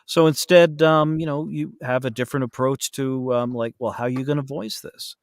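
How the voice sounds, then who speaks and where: A man chatting as a podcast guest, lively and quick, his voice jumping up and down as he tells his story. His voice sits in a middle register. The sound is close and dry, with no room in it. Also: medium pitch, no echo. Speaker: guest, audiobook narrator and voice actor. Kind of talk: casual podcast chat. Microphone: podcast studio mic.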